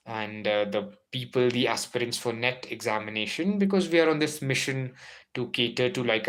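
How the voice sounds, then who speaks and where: A man's voice: medium pitch, fairly bright tone. A man with an Indian English accent teaching a live-streamed exam-prep literature lesson, enthusiastic and exclaiming as he quizzes his viewers.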